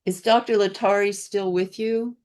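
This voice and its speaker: A woman's voice: medium pitch, fairly even intonation, moderate pace, darkish tone. A woman interviewing a guest, reacting with enthusiastic, affirming remarks and then telling her own stories. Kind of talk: conversational interview.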